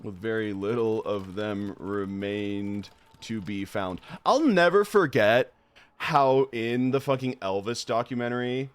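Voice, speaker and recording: A young man streaming a horror game live, rambling off on tangents with frequent swearing and laughter, and reading the on-screen text aloud quickly. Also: on the low side, clean tone, dry recording. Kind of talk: live gameplay commentary.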